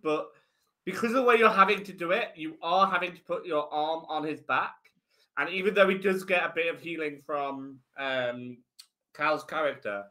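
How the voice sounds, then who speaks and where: A man narrating a tabletop game as game master, relaxed and often laughing. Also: a little high. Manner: relaxed, laughing, many fillers.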